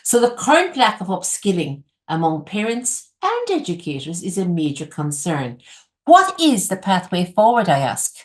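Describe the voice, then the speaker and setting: A woman hosting an interview podcast, asking rhetorical questions and reading passages aloud in a measured, expressive way. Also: fairly low pitch. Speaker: podcast host.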